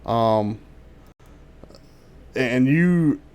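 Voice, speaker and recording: Male game master, mid-range voice, halting delivery with many fillers, heard over a voice call. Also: mid-range voice, animated, a little mellow, clean tone. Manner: halting, full of ums and restarts. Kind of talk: narrating a tabletop game.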